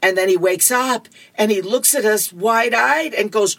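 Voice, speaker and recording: A woman's voice: medium pitch, unhurried, hardly any pauses, fairly bright tone, no room sound. A woman radio reader reading comic strips aloud, chuckling as she playfully acts out the characters.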